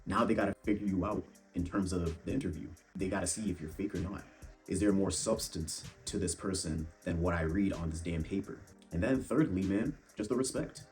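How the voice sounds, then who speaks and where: A man's voice: low voice, brisk, a little mellow, faint music behind. A young man giving blunt, profane dating advice straight to the viewer, addressing them as bro. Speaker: fitness and dating vlogger. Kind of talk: casual monologue to camera.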